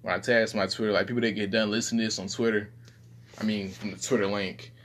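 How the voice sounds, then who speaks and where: A young man, rambling casually and profanely in a low-key, self-deprecating way. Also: level tone, quick pace, fairly bright tone. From Southern United States. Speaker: vlogger.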